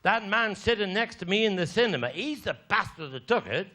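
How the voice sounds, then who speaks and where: A man's voice: high-pitched, animated, a little fast, sharp tone, slight background noise. A man with a Cornish accent voicing his blunt, indignant wife in a stand-up story. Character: grumbling working-class wife, middle-aged woman.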